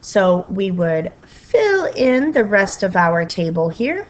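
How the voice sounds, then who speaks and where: A woman teacher with a mid-range voice walks her students through a math lesson slowly and patiently, one step at a time, her pitch swinging widely. She checks in with frequent okays and sometimes drifts into a playful sing-song.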